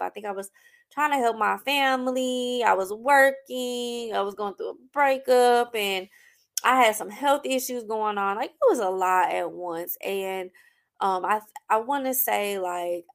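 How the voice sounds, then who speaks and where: Host type: young adult woman, candid and emphatic, gravelly edge to her voice. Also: mid-range voice. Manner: candid, heartfelt, emphatic repetition. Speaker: podcast host. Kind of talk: personal storytelling talk.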